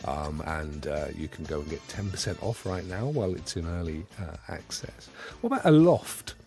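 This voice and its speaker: A British man co-hosts a casual gaming podcast, rambling and cracking jokes with a very lively pitch. He talks at a moderate pace over soft background music.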